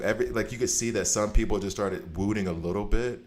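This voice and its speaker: A man streaming a game, chatting casually and telling rambling, animated stories. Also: fairly low pitch, a little fast. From United States. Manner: animated storyteller, rambling tangents. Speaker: gaming streamer. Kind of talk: casual chat while gaming. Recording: echoey room.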